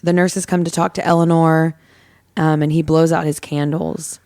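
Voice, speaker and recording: A woman's voice: low voice, flat delivery, moderate pace, darkish tone, no room sound, clean studio sound. A woman co-hosting a podcast, recapping a film scene in casual chat, with lots of ums and quoted lines. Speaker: podcast co-host.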